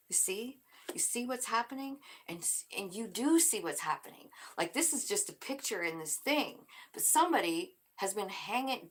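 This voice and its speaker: A woman's voice: medium pitch, a bit bright. A woman reading tarot cards for her viewers in a casual, chatty way, blunt and free with swear words. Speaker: tarot reader.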